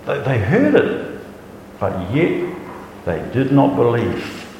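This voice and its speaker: A man's voice: medium pitch, very animated, slow pace, darkish tone, slight background noise. A man preaching a sermon, talking in a conversational way and often repeating words as he restarts. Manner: conversational, repeats words when restarting, acts out doubters' voices. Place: large echoey hall. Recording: echoey hall with long reverb.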